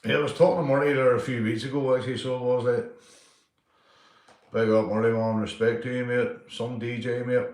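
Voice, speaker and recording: A middle-aged Northern Irish man on a live stream tells rambling true stories and gives shout-outs, swearing freely, laughing through his tales and tagging lines with "mate." His voice is medium-pitched and level, his pace brisk, with a roomy echo.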